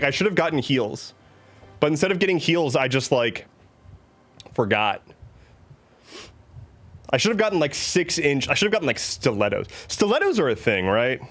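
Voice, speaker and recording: A man's voice: a little high, fairly bright tone. A man streaming live, chatting casually with a playful, rambling, jokey manner.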